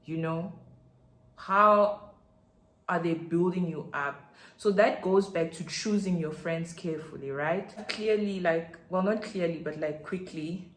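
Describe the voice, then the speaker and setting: A woman with a Nigerian accent hosts a podcast, giving an excitable, chatty faith talk aimed straight at her listeners. Her voice is fairly low in pitch, and the recording is reverberant.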